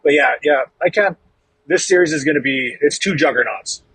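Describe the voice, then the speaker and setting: Husky-voiced man breaking down hockey picks. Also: on the high side, moderate pace, sharp tone, no room sound, poor audio. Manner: opinionated, emphatic, trailing restarts. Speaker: hockey co-host and analyst. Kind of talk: casual sports podcast talk.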